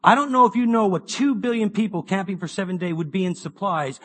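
Excitable high-voiced male preacher. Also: a little fast, hardly any pauses. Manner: excitable, swings from loud enthusiasm to quiet, rhetorical questions. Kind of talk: sermon.

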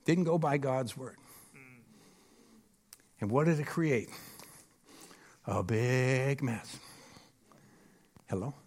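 Animated male preacher, rhetorical asides. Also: medium pitch, very slow, long pauses. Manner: animated and emphatic, with frequent rhetorical "Hello?" checks. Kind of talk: sermon. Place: church stage before a live audience.

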